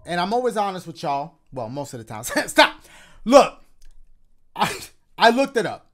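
Excitable slangy man playing a horror game. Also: sits high, a little fast, crowd noise. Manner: loud, excitable, slangy, jokes and shrieks at scares. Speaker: gaming YouTuber. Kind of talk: horror let's play commentary. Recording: loud game music behind.

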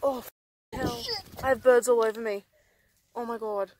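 A young woman chats excitedly to her camera on a rainforest picnic. Her voice sits a little high and leaps all over the place, full of giggles and casual swearing. Faint outdoor noise hums beneath the handheld camera audio. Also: moderate pace. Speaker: vlogger. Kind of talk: casual vlog chat.

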